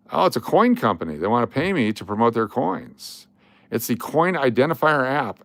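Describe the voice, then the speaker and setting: A man's voice: mid-range voice, very animated, moderate pace, gravelly, fairly bright tone, no room sound. A man hosting a casual livestream, blunt and sarcastic, swearing now and then. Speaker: livestream host.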